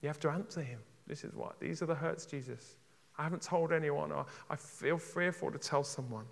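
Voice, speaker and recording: A man's voice: a little high, fairly quick, vocal fry. Man preaching in an echoey church. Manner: impassioned preaching, swinging from loud urging to hushed pleading. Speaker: pastor. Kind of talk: sermon. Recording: church hall reverb.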